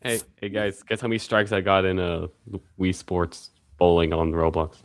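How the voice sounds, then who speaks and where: A man's voice: low voice, normal speed, smooth, no echo. A young man streaming, chatting casually in a rambling way with lots of fillers and little laughs.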